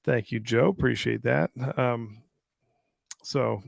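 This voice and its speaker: Gravelly-voiced man hosting a casual show. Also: mid-range voice, slow, no echo, clean studio sound. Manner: rambling, teasing, stammers on restarts. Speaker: show host. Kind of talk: casual livestream chat.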